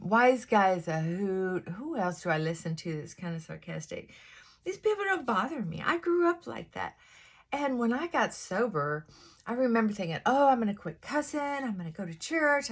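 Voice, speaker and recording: Husky, slow-talking sassy woman vlogger. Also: medium pitch. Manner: sassy, chatty, upbeat pep talk. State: short on sleep, punchy. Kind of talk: casual morning chat to camera.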